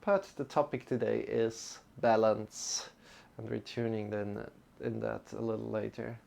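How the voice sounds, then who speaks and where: Male yoga teacher, gravelly voice, calm, gentle cues for a live-streamed class. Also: on the low side, a little slow. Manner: calm, gentle guiding instructions; greets chat viewers by name.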